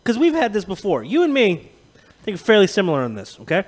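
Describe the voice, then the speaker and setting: A man on a casual podcast who spins profane, rambling stories and laughs often. His voice sits slightly high and swoops widely as he tells them. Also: wildly swooping pitch, fast. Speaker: podcast host. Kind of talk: casual chat.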